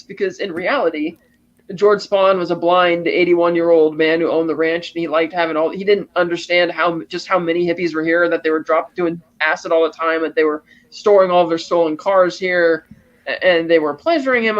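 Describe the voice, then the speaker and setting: A man with a high-sitting voice, captured in a muffled recording, co-hosts a podcast. In a casual film recap, he animatedly walks through a movie scene and voices the characters' lines.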